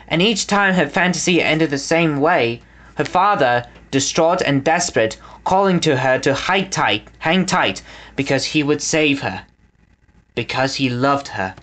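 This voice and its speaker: A man reading a children's storybook aloud as the narrator, with an expressive delivery. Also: fairly high pitch, unhurried. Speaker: audiobook reader.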